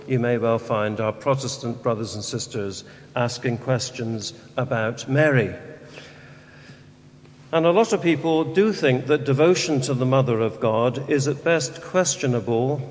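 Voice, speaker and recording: Priest reading the Gospel and preaching, slow deliberate delivery, rhetorical questions, long reverb from a large church. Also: male voice, medium pitch. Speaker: Catholic priest.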